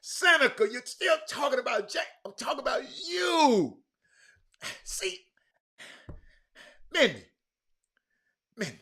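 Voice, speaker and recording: A man hosting a sports talk stream with a Houston accent, loudly calling out viewers by name, repeating himself and talking over the chat. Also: very high-pitched, big pitch swings, takes it slowly, long pauses. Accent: Southern US, Houston. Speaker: sports talk show host. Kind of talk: animated live-stream sports talk, reading viewer comments.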